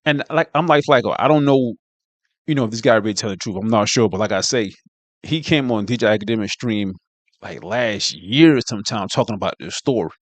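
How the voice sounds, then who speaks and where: A man's voice: fairly low pitch, brisk, no room sound. A man co-hosting a casual commentary chat, slangy and incredulous, often asking "you know what I mean". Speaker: co-host.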